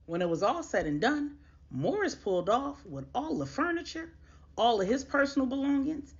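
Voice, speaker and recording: A woman narrating a grown-up story in a casual, conversational way, talking straight to her listeners. Her pitch rises and falls a lot, and the recording sounds dull and lo-fi. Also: normal speed, breathy edge. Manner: conversational, lively, addressing listeners.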